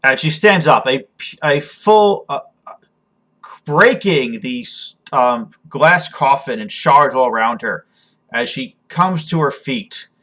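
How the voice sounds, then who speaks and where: A man narrating as game master of a tabletop game, halting with frequent ums and restarts. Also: medium pitch, expressive, pushed and bright.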